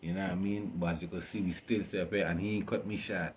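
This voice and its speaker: A man's voice: low-pitched, fairly even intonation, fast, slight background noise. A man hosting a casual interview, laid-back and affirming the guest. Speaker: interview host.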